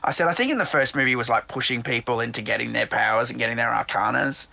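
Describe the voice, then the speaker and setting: A man's voice: medium pitch, fast, vocal fry, sharp tone, dry recording. A man on a casual live panel discussion, eagerly thinking aloud, with frequent restarts.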